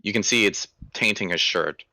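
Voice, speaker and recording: A man narrating a horror tabletop game as game master, with slow, deliberate, vivid description. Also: on the low side, bright, forceful tone, no room sound.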